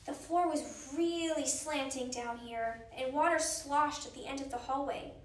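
A woman reading a children's book aloud in a gentle, expressive way. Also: high-pitched, a little slow, roomy sound, far from the mic. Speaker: reader.

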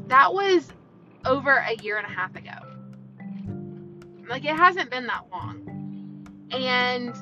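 Encouraging woman podcaster, music underneath. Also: a little high. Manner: earnest, encouraging, fills with "right?" and "you know". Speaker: podcast host. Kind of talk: motivational podcast monologue. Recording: dull lo-fi sound with music behind.

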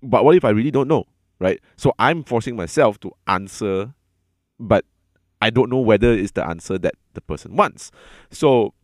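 In a casual, candid conversation, a man with a fairly low, expressive voice speaks openly and earnestly. He halts, stumbles and repeats words as he works through his thoughts, especially when upset, in a dry recording with almost no room echo.

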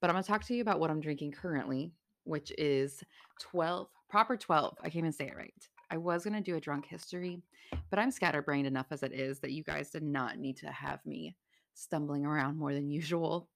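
A woman's voice: sits low, quick pace, vocal fry. A young woman hosting a casual solo podcast, chatty and self-deprecating as she talks. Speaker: podcast host.

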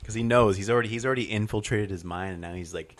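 Animated storytelling man on a podcast. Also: lowish voice, fast talker. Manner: animated storyteller, acts out quoted voices. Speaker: podcast guest. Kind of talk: casual chat.

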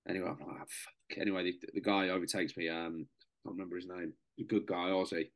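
Young bloke, really low voice, chatty and sweary, telling a story on a podcast. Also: male voice, flat delivery, quick pace. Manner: swears freely, chatty and matey. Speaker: podcast guest, serving soldier. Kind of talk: casual storytelling.

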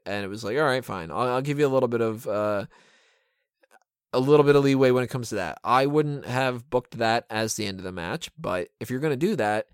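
A man's voice: mid-range voice, no room sound. Man, wrestling show review, casual commentary, sarcastic, swears, dry close sound. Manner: opinionated, sarcastic, swears freely.

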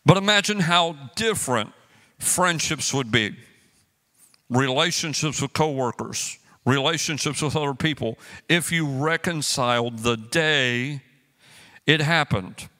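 A man's voice: on the high side, measured pace. A man preaching a sermon as pastor, joking and acting out everyday quarrels as he teaches. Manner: animated, joking storyteller who acts out quotes.

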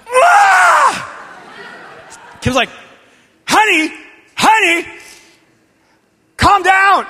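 A middle-aged male pastor preaching a sermon through personal stories, swinging from hushed confession to shouting. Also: very high voice, a little hiss or hum. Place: large church gathering hall. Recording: long reverb of a big hall.

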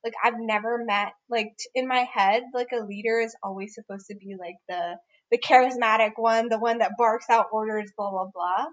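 A young woman co-hosting a casual podcast, chatting warmly about a friend, rambling with many fillers and restarts. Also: a little high, fairly even intonation, moderate pace, lo-fi sound. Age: young adult. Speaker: podcast co-host. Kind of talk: casual chat among friends.

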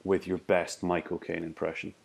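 A man's voice: low-pitched, monotone, moderate pace, vocal fry, breathy edge. A man hosting a podcast, chatting in a jokey way with frequent restarts. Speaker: podcast host. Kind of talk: casual chat.

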